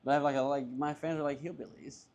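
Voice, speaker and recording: A young man from Alabama tells a wild story in a casual patio chat, swearing freely and playing out every part of the argument himself. His voice sits in a middling pitch, loose and animated. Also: fast. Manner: animated, profane storytelling, acting out both sides of arguments. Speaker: guest comedian. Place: outdoor patio.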